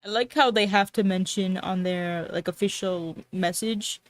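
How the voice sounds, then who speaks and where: A woman's voice: medium pitch, fairly even intonation, moderate pace, dry recording. A woman streamer chatting casually and sarcastically, often trailing off and restarting her sentences. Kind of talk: casual livestream chat.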